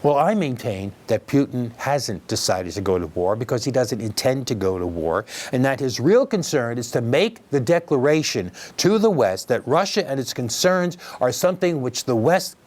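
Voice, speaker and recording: A man's voice: medium pitch, very animated, normal speed, hardly any pauses, a little mellow. A man hosting a news commentary program, giving opinionated, wry remarks and addressing listeners directly. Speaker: commentary host.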